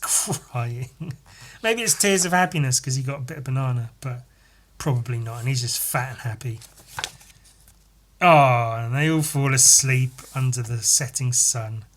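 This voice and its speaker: A man hosting a podcast, casually retelling a picture story in an animated, sweary, laughing way. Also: medium pitch. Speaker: podcast host.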